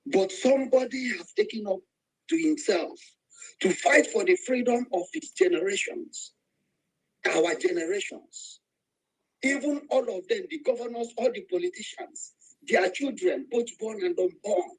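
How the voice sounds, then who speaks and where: Extremely high-pitched and sing-song, this man's voice is gravelly and breathy at a normal speed, recorded in poor audio. With a Nigerian Igbo accent, he addresses an online activist voice room emotionally and angrily, preaching, calling out to listeners and rising to cries.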